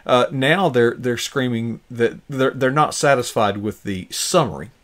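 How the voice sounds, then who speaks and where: A man's voice: medium pitch, unhurried. A man in a casual political chat, reflective and hesitant, thinking aloud as he speaks.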